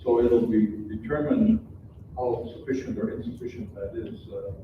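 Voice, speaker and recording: A man on a council speaking deliberately and haltingly, with many fillers. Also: lowish voice, highs cut off. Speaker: council member. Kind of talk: council meeting remarks. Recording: very echoey room, distant mic, noisy.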